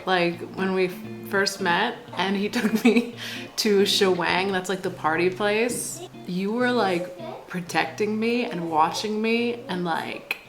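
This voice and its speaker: A woman's voice: mid-range voice, slow pace, vocal fry, a bit bright, soft background music. Chatty American woman telling stories. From United States. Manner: chatty, laughs often, says "like" a lot. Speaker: vlogger. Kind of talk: casual vlog storytelling.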